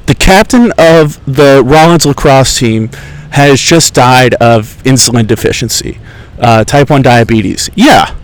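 A man's voice: medium pitch, unhurried, smooth, rough recording. A young man chats casually as a podcast host, telling rambling stories. His talk is profane and sarcastic, with a wandering, offhand flow. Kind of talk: casual storytelling chat. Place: outdoors in a park.

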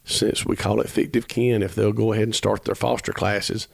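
A man's voice: on the low side, level tone, normal speed, creaky, dry recording. A man, telling a long personal story as a podcast guest, earnest and rambling, acting out the dialogue as he goes. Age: 50s. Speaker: musician guest.

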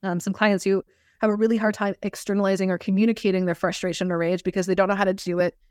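A woman's voice: mid-range voice, flat delivery, quick pace, smooth, dry recording, studio quality. A woman in her thirties, a somatic practitioner and podcast guest, talking in a reflective way with frequent laughs and restarts. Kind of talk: casual podcast conversation.

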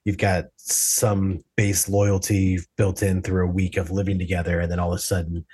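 A man co-hosting a podcast recap, easygoing and quick to laugh. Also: low-pitched, monotone, darkish tone, slightly rough. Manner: easygoing, laughs often, many fillers. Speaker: podcast co-host. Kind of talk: casual recap chat.

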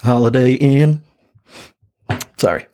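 Speaking slowly with a dark tone and medium pitch, a thirty-something podcast co-host casually recounts a story, laughing often and filling pauses with filler words.

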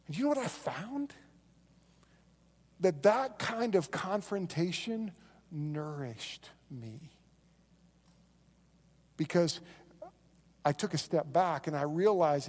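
A middle-aged man preaching in a church, his voice riding high as he acts out the people in his stories. He swings between loud, animated bursts and quiet, earnest asides. A long reverb from the hall trails behind every phrase. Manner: animated storytelling, acting out quoted voices, then dropping to soft earnest lows. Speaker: pastor. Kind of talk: sermon. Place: church sanctuary.

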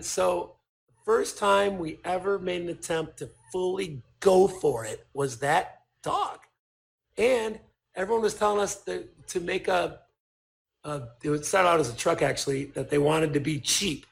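A man's voice: high voice, measured pace, creaky. A male toy designer telling stories as a guest in casual, profane talk, acting out what people said. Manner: profane, animated, acts out quotes. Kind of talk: casual storytelling.

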